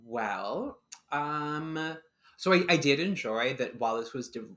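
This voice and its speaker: A man co-hosting a film podcast, recapping and reviewing the movie in a relaxed, dry, casual way. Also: medium pitch, slow. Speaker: podcast co-host.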